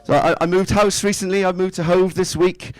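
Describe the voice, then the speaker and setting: A man's voice: high-pitched, steady tone, brisk, no echo, poor audio. A man, doing a stand-up set in a small club, chatty and self-mocking, tossing rhetorical questions at the crowd. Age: 30s. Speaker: stand-up comedian. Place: small indoor comedy club stage.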